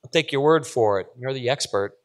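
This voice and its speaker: A man reading aloud and voicing a kind, frightened young passenger who speaks gently. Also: medium pitch, a little fast, close to an everyday voice. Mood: gentle. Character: nervous younger man on a plane.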